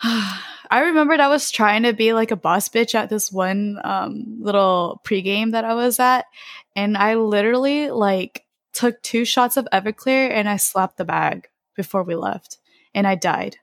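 A woman's voice: mid-range voice, unhurried, no room sound, clean studio sound. A young adult woman co-hosting a podcast in casual chat, giggly and full of incredulous questions, swearing casually. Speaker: podcast co-host.

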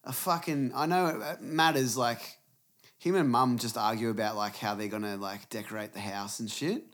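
A young man in casual chat, telling animated, sweary stories and acting out his father. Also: mid-range voice, moderate pace.

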